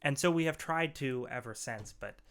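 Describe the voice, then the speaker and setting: A man voicing a courteous male ogre mage with a heavy bass voice, speaking formally and slowly in a tabletop game. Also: fairly bright tone, lightly acted. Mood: earnest. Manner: measured, formal speech with pauses. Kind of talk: tabletop game role-play.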